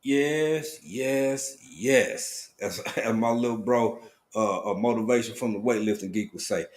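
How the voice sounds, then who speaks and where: A man's voice: fairly low pitch, a little fast. Easygoing man chatting on a live stream. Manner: relaxed, drawling, greets viewers by name with sudden excited bursts. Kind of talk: casual live stream chat with viewers.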